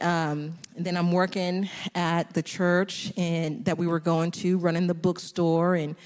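A woman's voice: lowish voice, long reverb tail. A middle-aged woman sharing a personal testimony on a church panel, laughing often as she tells it. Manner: laughs often while telling her story. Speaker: panel guest.

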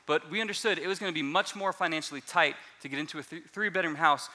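Bright-voiced pastor telling a story. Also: male voice, on the high side, fast. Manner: animated storytelling, repeats words when restarting. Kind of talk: sermon testimony.

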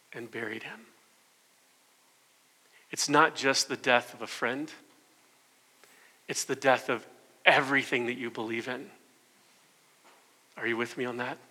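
A man preaching a sermon as pastor, earnest, swinging between loud emphasis and soft hushed lines. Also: mid-range voice. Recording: long hall reverb.

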